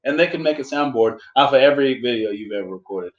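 A man's voice: medium pitch, animated, fast. Joking young man in an echoey room. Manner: joking, rambling, laughs a lot. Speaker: podcast co-host. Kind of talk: casual chat. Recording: echoey room, dull sound.

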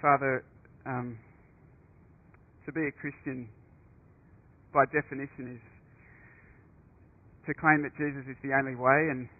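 A man's voice: mid-range voice, flat delivery, measured pace, long pauses. A man preaching a sermon, telling a story in an earnest way, often restarting and repeating words. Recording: narrow phone-like radio broadcast.

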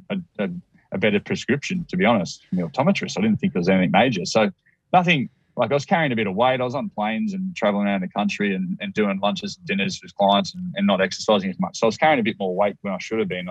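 Australian man, husky low voice, dry dull recording, rambling storyteller. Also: fast, no echo. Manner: rambling, with many restarts and acted-out quotes. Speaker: guest. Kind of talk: telling a personal story in conversation.

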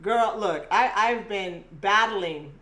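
A woman's voice: medium pitch, slow pace, bright, forceful tone. A woman from Eugene talking in casual chat, emphatic and reflective, with many affirmations. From Eugene, Oregon. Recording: noisy recording.

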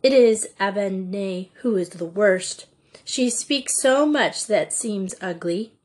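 A woman's voice: medium pitch, slow, a little mellow, husky. A woman reading an audiobook, voicing a polite, earnest senior schoolgirl who speaks formally.

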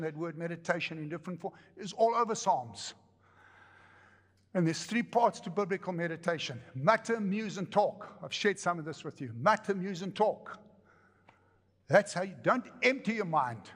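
A man preaches with a slightly high voice, animated and joking, repeating phrases for emphasis. His voice carries a long reverb through a church hall. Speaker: pastor. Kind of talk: sermon.

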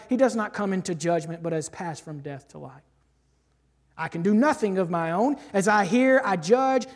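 Guy preaching in a church, high voice, big echo tail, goes from loud to hushed. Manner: emphatic, swings from loud declarations to hushed asides. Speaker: pastor. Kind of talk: sermon with scripture reading. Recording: long hall reverb.

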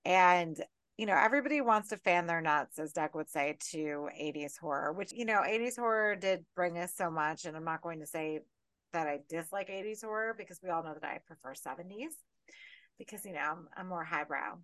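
A woman co-hosting a horror podcast in casual chat. She talks with animated energy and swears freely through her rants. The recording is dry and close. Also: lowish voice, a little fast, no echo. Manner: animated, profane, ranting. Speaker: podcast co-host.

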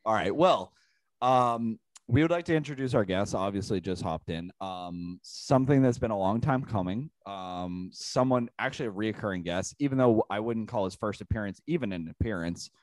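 A man's voice: on the low side, normal speed, dry recording. A man co-hosting a podcast, introducing a guest and joking in casual chat. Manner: joking, lively, laughs often. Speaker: podcast co-host.

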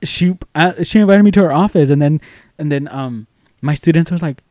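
A young man co-hosting a podcast, telling a story in casual chat, animated and swearing freely as he acts out quoted voices. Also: on the high side, brisk, no echo, clean studio sound. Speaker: podcast co-host.

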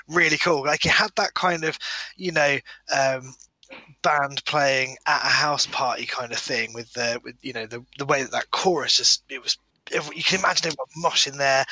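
A man's voice: fairly high pitch, bright, forceful tone, no echo, low-quality recording. A man co-hosting a music show, chatting casually in an enthusiastic, rambling, joking way. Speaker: radio show co-host. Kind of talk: casual chat.

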